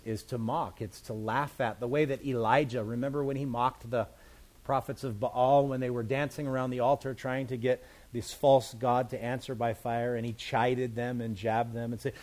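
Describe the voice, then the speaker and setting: A man's voice: medium pitch, a little mellow. A man giving a sermon, walking through scripture verse by verse in a conversational, plain-spoken way with playful asides. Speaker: pastor.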